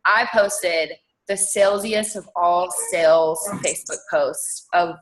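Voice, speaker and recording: A young woman, chatting casually as a guest on a call and telling her story in an animated way. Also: lowish voice, slow pace, a little hiss or hum, rough recording. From Texas. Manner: chatty, animated, laughs often.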